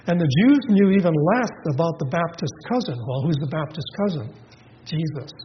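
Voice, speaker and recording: A man with a fairly high voice preaches a sermon, talking through the verses in a conversational way and asking rhetorical questions. The recording is dull and lo-fi, with a long reverb and noise. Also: expressive, fairly quick. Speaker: pastor.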